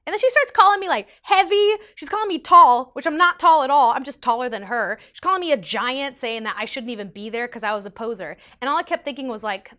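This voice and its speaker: A young woman casually telling a personal story, animated and chatty, with lots of "like" fillers. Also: high-pitched, fast talker, hardly any pauses. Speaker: vlogger.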